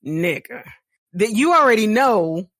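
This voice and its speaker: A woman's voice: mid-range voice, sing-song, unhurried, fairly bright tone, no echo. A Texan woman co-hosting a casual studio talk show. She speaks bluntly and candidly, breaking into laughter often. Her voice sits in a middle range and sounds dry and close. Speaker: podcast co-host. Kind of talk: casual chat.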